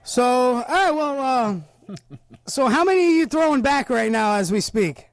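A man hosting a casual talk show from a studio mic, joking and quick to laugh. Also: very high-pitched, expressive, no room sound. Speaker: radio show host.

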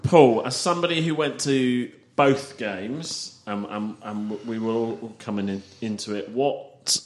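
A man's voice: mid-range voice, a little slow. A man hosting a casual football podcast, leading the segments in a chatty, teasing way. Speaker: podcast host. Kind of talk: casual chat.

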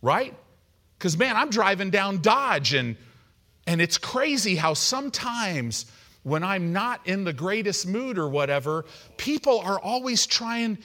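A middle-aged man preaching an evening sermon, animated and conversational, acting out the people he quotes. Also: high-pitched, a little slow. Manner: animated, acts out quoted voices. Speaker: pastor.

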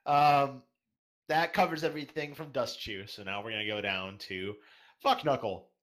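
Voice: mid-range voice, moderate pace, fairly bright tone. A podcast co-host in casual chat, reading listener questions aloud in a laid-back way.

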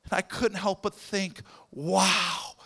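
A man who is a missionary pastor, telling a story as a sermon and swinging between loud preaching and hushed near-whispers. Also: high-pitched, fairly even intonation, slow, vocal fry, slightly rough.

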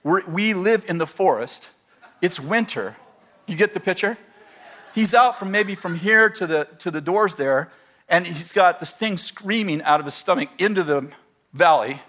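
A middle-aged male pastor preaching a sermon to a live audience, telling lively stories and acting out the voices of the people in them. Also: sits high, moderate pace. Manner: storytelling, animated retelling with voiced quotes.

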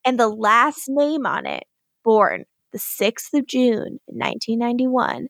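A woman co-hosting a recap podcast in casual chat, animated and profane, laughing often. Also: a little high, a little slow, vocal fry, dry recording, clean studio sound. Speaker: podcast co-host recapping an episode.

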